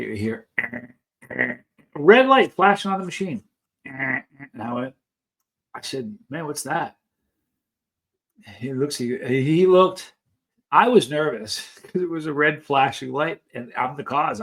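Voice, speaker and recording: A man's voice: on the high side, animated, a little slow, long pauses, fairly bright tone. A man vlogging, telling a long personal story in a chatty, anecdotal way while he tries snacks. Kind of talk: casual storytelling while taste-testing snacks.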